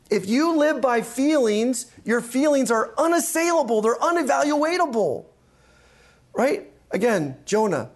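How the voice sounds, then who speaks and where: A man, a pastor and counseling instructor, giving an emphatic teaching lecture and often checking in with "right?". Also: very high voice. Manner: emphatic, repeats key points, asks "right?".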